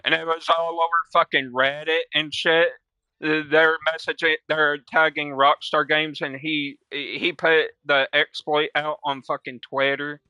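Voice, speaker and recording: A young man streaming a game, telling stories in casual, profane slang, breaking into loud quoted voices. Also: on the high side, level tone, a little slow, clean tone, no room sound, dull audio. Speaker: gaming streamer. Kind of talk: casual storytelling while playing.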